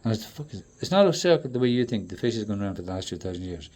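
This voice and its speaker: A man in a rambling, profane monologue that swings between loud outbursts and low mutters. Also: big pitch swings, rapid-fire.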